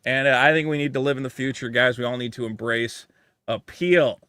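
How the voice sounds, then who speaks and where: A man's voice: medium pitch, a little fast, bright, forceful tone, dry recording. A man co-hosting a comedy podcast who talks in casual banter with a wry, sarcastic delivery. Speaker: podcast co-host.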